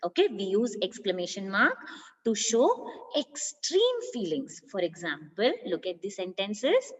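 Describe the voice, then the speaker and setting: A woman teacher with an Indian English accent talks a primary class through punctuation, slowly and patiently, her pitch rising and falling a lot. She keeps checking that the children follow. The recording sounds dull and lo-fi, with a long reverb trailing each phrase. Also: huge pitch swings. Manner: slow, patient, asks for agreement. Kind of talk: primary school grammar lesson.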